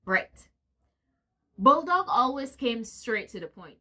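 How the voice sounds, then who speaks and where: A woman storyteller reading a story aloud, animated, who breaks off now and then to chat with viewers. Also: on the high side, takes it slowly, pauses often.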